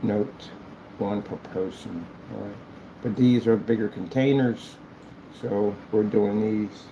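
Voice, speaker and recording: A man's voice: lowish voice, fairly even intonation, slow pace, noisy background. A man who runs a small business, talking casually and rambling as he works on a livestream, thinking aloud and mocking his critics. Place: indoor business premises.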